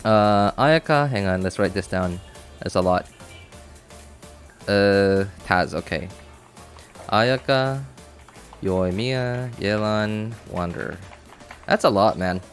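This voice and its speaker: A man's voice: on the low side, takes it slowly, pauses often, faint music behind. A man chatting casually on a game livestream, rambling with many fillers and restarts and laughing easily. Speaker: game streamer.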